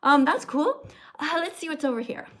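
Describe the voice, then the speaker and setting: A woman's voice: sits high, big pitch swings, normal speed, slight background noise. A woman in her sixties hosting a casual livestream, chatty and upbeat, laughing as she greets viewers and reads comments. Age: 60s. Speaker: livestream host. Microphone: phone camera livestream.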